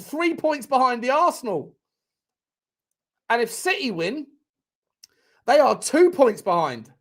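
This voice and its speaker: A man hosting a live football watchalong stream, reacting to the chat in an excitable, sweary way with bursts of laughter. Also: sits high.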